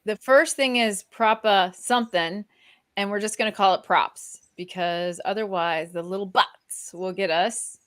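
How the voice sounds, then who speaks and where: A woman with a Midwestern accent co-hosting a casual podcast, talking in a slow, meandering way and laughing often. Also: mid-range voice, steady tone, fairly bright tone, clean tone. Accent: Kansas City, Midwestern US. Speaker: podcast co-host. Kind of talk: casual chat.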